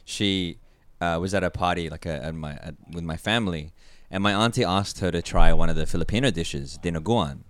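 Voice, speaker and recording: Man, thirties, very low pitch, smooth voice, animated storyteller, casual podcast chat. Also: a little fast, hardly any pauses, no echo. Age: 30s. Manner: animated storyteller who laughs often. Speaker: podcast co-host.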